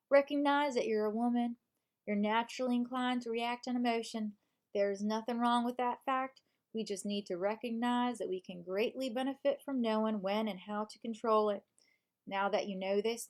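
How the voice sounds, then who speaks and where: Woman doing a high, preachy Southern advice lady. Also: steady tone, normal speed, a little mellow, natural voice. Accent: put-on American Southern. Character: chirpy Southern woman giving breakup advice. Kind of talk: reading a self-help book aloud in character. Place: home live stream.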